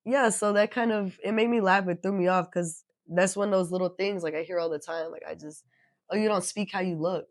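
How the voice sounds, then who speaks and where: A young woman with a deep, raspy voice, co-hosting a casual podcast chat, lively and swearing freely. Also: brisk, few pauses, dry recording, studio quality. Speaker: podcast co-host.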